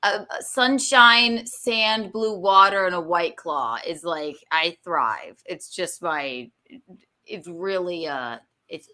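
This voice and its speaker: A woman's voice: lowish voice, slow, pushed and bright. A woman hosting a casual chat, brash and swearing freely. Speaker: podcast host.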